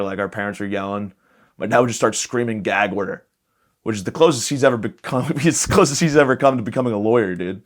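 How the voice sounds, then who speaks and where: A young adult man hosting a podcast, rambling through a comic solo monologue with a lot of profanity and self-mockery. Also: on the low side. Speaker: podcast host.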